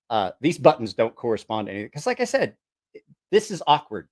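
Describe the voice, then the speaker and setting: A man's voice: mid-range voice, big pitch swings, fairly quick, darkish tone. A middle-aged man chatting casually on a vlog, rambling and swearing while he makes fun of himself as he tests gear. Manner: rambling, profane, self-mocking. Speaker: musician testing a voice effects box.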